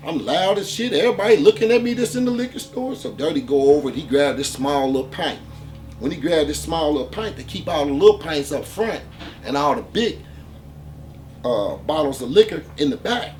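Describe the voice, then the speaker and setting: Animated man telling a street story. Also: mid-range voice, moderate pace. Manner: animated, profane, conversational, with many "man" fillers. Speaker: storyteller, channel host.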